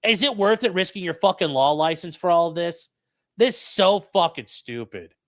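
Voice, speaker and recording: A man's voice: high voice, expressive, moderate pace, no room sound, clean studio sound. A man hosting a legal commentary stream, reading court records aloud to his chat and ranting about them with profane sarcasm. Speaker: host and lawyer commenting on a court case.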